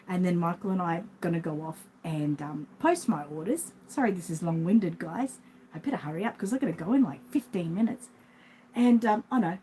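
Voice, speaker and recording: Her voice fairly low and mellow, a middle-aged Australian reborn doll shop owner chats her way through a rambling everyday story on a casual vlog. She acts out the voices of the people in it. Slight background noise and low-quality recording.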